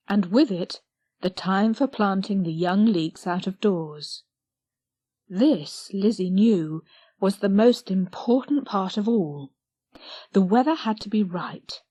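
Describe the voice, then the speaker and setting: A woman narrating a children's storybook audiobook in a gentle, expressive reading. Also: mid-range voice, no room sound.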